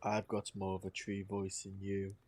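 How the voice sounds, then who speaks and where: A man's voice: low voice, completely flat delivery, moderate pace, a little mellow, no echo. A man playing a tabletop game, dry and level-headed. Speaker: player.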